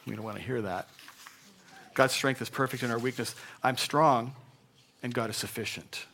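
An older man preaching a sermon in an earnest, conversational way, moving between hushed and emphatic delivery. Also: mid-range voice, normal speed, a little hiss or hum. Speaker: pastor.

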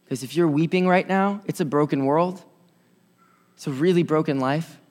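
A man preaching a sermon in a fairly high voice, rising to loud, urgent stretches and dropping to quiet, soft ones. His voice rings out with a long reverb, as in a large church sanctuary. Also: normal speed. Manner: impassioned preaching, swinging between loud and soft. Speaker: pastor.

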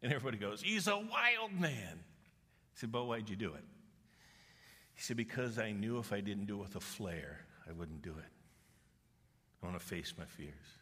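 A middle-aged man preaches as a pastor in a church auditorium, his voice on the low side and steady in tone. He speaks at normal speed and pauses often, earnestly telling stories with quoted voices for the people in them. The large hall gives a long reverb.

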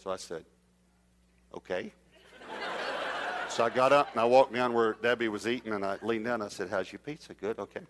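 A middle-aged man preaching, telling a personal story and acting out the dialogue, sometimes dropping to a hush. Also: on the low side, fairly quick, long pauses, noisy background. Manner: anecdotal, acts out dialogue, drops to a hush for suspense. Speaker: traveling preacher. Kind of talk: storytelling sermon.

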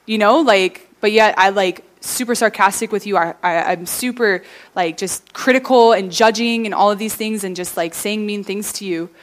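A woman's voice: mid-range voice, moderate pace, hardly any pauses. A young woman giving a casual, earnest youth sermon, full of fillers like "like" and "you know", ending in prayer. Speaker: youth speaker.

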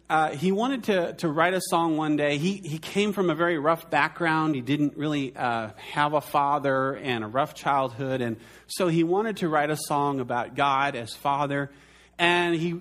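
A pastor in his forties preaches earnestly in a slightly high voice, slowing down and softening for emphasis.

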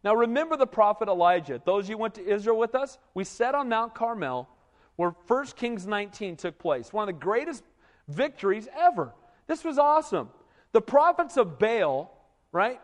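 A man's voice: sits high, moderate pace, long reverb tail. A man preaching a sermon as a pastor, talking conversationally and often tossing "right?" to the congregation. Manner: animated, conversational preaching with frequent "right?" asides. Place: church.

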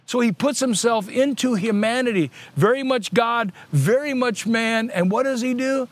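A man's voice: extremely high pitch, moderate pace, no echo. A middle-aged male pastor preaching a sermon earnestly, restating key points on purpose to drive them home.

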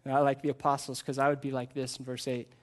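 A man's voice: medium pitch, monotone, fast talker. A middle-aged man, a pastor preaching a sermon into a pulpit microphone, earnest and emphatic, asking the congregation rhetorical questions.

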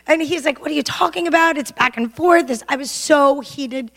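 High-voiced woman telling a story in a hall. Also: normal speed, gravelly. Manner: animated, self-mocking storytelling. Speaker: testimony speaker. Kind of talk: storytelling testimony. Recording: long hall reverb.

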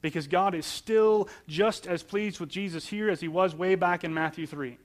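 A man's voice: sits high, moderate pace. A man preaching a sermon in a conversational way, asking questions and answering them, repeating phrases for emphasis. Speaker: pastor.

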